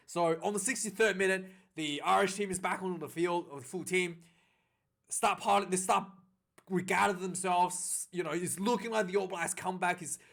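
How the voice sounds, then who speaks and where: A man recapping a rugby match in a casual, rambling way, getting excited at big plays, with many fillers and restarts. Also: high voice. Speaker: rugby reviewer.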